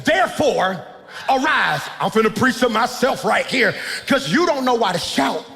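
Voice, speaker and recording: A high-pitched man preaches to a big church crowd, his voice climbing into shouts. His words ring out through a hall with a long reverb while faint music plays underneath. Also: animated, normal speed. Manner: shouting, preaching with a sing-song cadence. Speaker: pastor. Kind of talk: sermon. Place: large church before a congregation.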